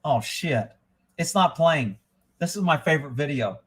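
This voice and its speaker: A man's voice: a little high, animated, moderate pace, a bit bright, husky. A middle-aged man hosting a casual livestream, talking loosely and irreverently and chuckling often. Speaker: livestream host.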